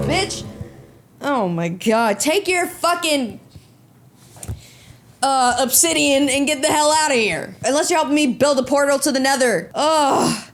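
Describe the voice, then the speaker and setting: A young woman hosting a solo podcast, reading out and mocking stories with sarcastic, crude commentary and quick impressions. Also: sits high, animated. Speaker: podcast host.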